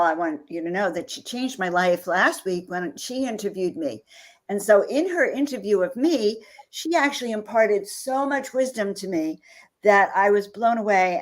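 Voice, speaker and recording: Upbeat woman co-hosting a live stream. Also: mid-range voice. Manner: enthusiastic, upbeat introductions. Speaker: co-host.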